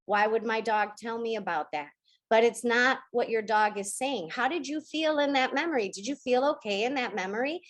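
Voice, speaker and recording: Gentle, fairly high-voiced woman teaching. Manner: gentle, slows down to stress key words. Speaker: spiritual teacher hosting a member call. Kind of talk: spoken teaching on a video call. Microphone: video call.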